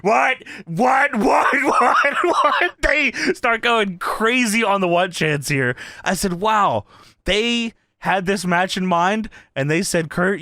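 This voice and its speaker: A man's voice: high voice, bright, forceful tone, dry recording, clean studio sound. A man co-hosting a podcast in casual chat, acting out quotes and laughing a lot. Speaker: podcast co-host. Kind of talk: casual retro wrestling review chat.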